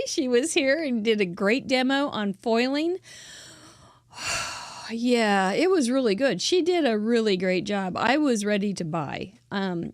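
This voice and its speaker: A woman's voice: fairly high pitch, dry recording, clean studio sound. A woman hosting a craft show, chatting in an effusive, gushing way and laughing often as she shows cards from viewers. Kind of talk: casual live-show chat.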